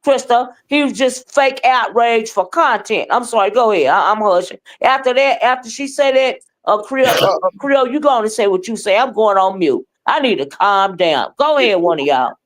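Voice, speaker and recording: A woman's voice: a little high, animated, normal speed. A woman hosting a live stream, giving heated, profane commentary in a blunt, scolding manner.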